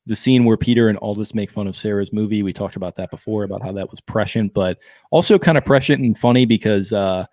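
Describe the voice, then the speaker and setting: A man co-hosting a podcast in casual chat, laid-back and rambling, sometimes slipping into quick impressions. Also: fairly low pitch, darkish tone, no echo. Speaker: podcast co-host.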